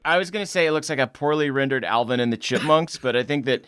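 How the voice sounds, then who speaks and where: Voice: mid-range voice, fast talker, a bit bright, smooth. A tabletop game player tossing off wisecracks and joking asides during a playful improvised session.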